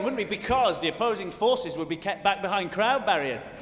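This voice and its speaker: A British man performing a stand-up comedy routine in a large theatre, quick and mock-indignant, breaking into shouted impressions. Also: sits high, animated. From Britain. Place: large theatre stage before a live audience. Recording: roomy, echoing hall with loud audience noise.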